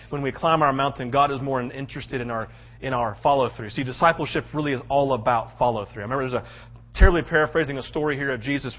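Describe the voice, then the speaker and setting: A man preaching a sermon as a pastor, telling the story dramatically and slipping into voices for the characters. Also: mid-range voice. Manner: animated storytelling, acting out voices. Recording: muffled lo-fi sound.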